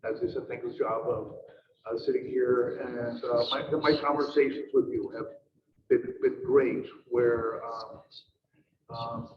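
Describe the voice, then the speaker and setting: A man chairing a school board meeting, giving formal remarks in a halting way with many fillers and repeated words. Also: mid-range voice, steady tone, crowd noise. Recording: distant, muffled, roomy with noise.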